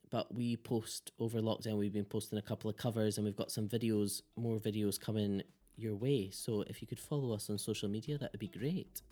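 Laughing Scottish man chatting as a podcast guest. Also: lowish voice. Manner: laughs often, animated storytelling. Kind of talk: casual chat.

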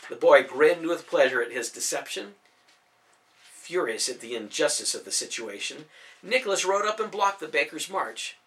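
A man narrating a storybook audiobook in an expressive, animated reading. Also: a little high, normal speed.

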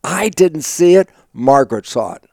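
An older man talks as an interview guest, his voice gravelly and a touch high for a man. He acts out his own dialogue, breaks into sudden loud bursts and laughs often. The recording is dry and close, with no room sound. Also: lively intonation, moderate pace, no room sound. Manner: laughs often while talking. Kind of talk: animated conversational storytelling.

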